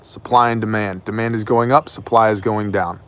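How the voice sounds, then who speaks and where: A man's voice: on the low side, fairly even intonation, moderate pace, a bit bright. A man hosting his own news show, delivering opinionated commentary in an emphatic, sometimes mocking way. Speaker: host of an independent news show.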